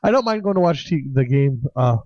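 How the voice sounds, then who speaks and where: A man's voice: mid-range voice, lively intonation, fairly quick, darkish tone, no echo. A man co-hosting a podcast in casual chat, laid-back, swearing and asking "you know what I'm saying". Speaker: podcast co-host. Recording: dull lo-fi podcast audio.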